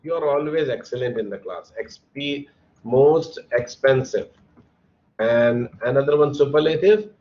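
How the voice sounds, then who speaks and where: A man with a mid-range, darkish voice leads an online English grammar class, speaking unhurriedly. He patiently explains and spells out words letter by letter, captured by a computer mic in dull, lo-fi video-call audio.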